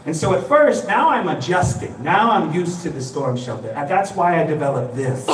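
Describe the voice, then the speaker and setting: A man's voice: fairly high pitch, very animated, moderate pace. A man from Chicago doing a rambling stand-up set on stage, restarting lines and acting out characters. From Chicago, USA. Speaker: stand-up comedian. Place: live comedy show stage. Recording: echoey room, distant mic, crowd. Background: audience laughter.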